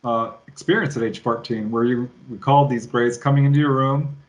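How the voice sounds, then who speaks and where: A man's voice: medium pitch, steady tone, a little fast, rough recording. A man hosting an interview, summing up the guest's story and steering it with questions. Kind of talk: conversational interview.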